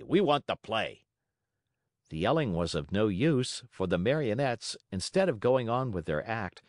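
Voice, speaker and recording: Man, audiobook narration, lower voice, very lively pitch, dry close mic. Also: no echo. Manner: expressive storytelling with voiced characters. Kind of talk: scripted narration.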